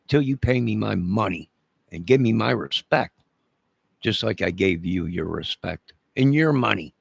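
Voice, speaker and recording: A man's voice: lowish voice, lively intonation, unhurried, gravelly, breathy edge, no echo. A man delivering an angry, profane, repetitive rant to camera, making demands over and over. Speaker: vlogger.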